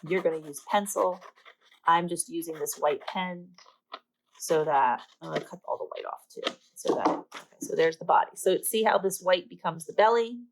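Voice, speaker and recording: An art teacher with a lowish voice and a moderate pace walks through a paper craft step by step, and the recording quality is low. She stays chatty and pokes a bit of fun at herself while she works.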